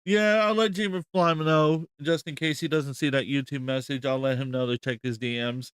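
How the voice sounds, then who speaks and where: A man's voice: mid-range voice, steady tone, a little fast, smooth, dry recording. A man hosting a reaction commentary, rambling and incredulous, swearing often. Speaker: host.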